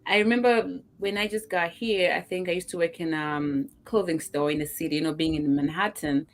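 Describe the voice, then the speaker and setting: A woman from Africa co-hosting a talk show in casual chat, telling her stories in a lively, emphatic way. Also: lowish voice, fairly quick.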